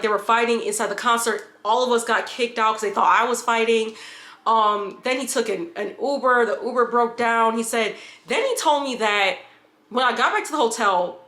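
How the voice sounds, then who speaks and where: Woman from upstate New York, bright and a bit high, casual storytime, roomy echoey sound. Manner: rambling with restarts and asides.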